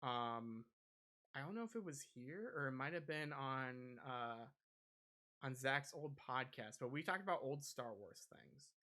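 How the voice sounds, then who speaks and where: Lively intonation marks this mid-range male voice, which is a little slow, bright, and forceful. Co-hosting a gaming podcast, he rambles through a casual chat full of fillers and restarts.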